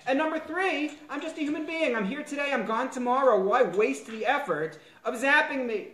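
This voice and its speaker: A man's voice: very high voice, normal speed. Man lecturing in a roomy classroom. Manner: animated, quotes lines in varied tones. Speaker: rabbi teaching a class. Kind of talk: lecture on a biblical text.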